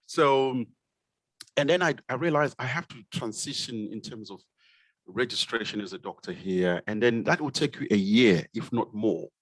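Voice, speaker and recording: A middle-aged man from Zimbabwe with a Zimbabwean accent softened by years in the UK, telling his story in a relaxed, self-deprecating way with plenty of fillers and restarts. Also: mid-range voice, moderate pace, dry recording. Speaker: guest, consultant pediatrician. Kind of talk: casual conversational storytelling.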